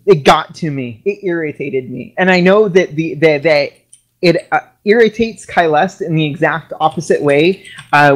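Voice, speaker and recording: A woman from Washington state hosting a casual podcast chat, talking in halting starts and restarts that build into a rant. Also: low voice.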